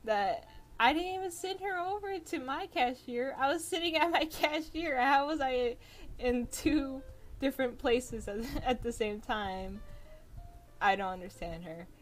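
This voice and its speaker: A young woman recounts stories on a laid-back drawing stream. She talks at an unhurried pace and laughs often. Soft jazz plays faintly behind her voice. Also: sits high, rough recording. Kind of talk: casual storytelling while drawing. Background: soft jazz music.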